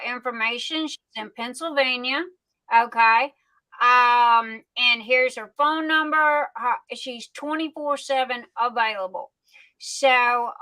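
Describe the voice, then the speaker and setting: Casual woman livestream host; slightly high, bright voice; folksy filler-heavy delivery. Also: rough recording. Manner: chatty, folksy, many fillers and restarts. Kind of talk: casual live-stream product chat.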